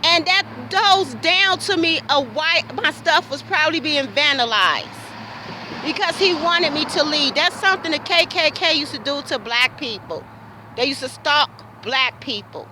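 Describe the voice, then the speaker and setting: Her voice is high and sharp, captured in a low-quality recording with slight background noise. This adult vlogger delivers an impassioned, repetitive personal monologue, piling up rhetorical questions as she pours out her feelings.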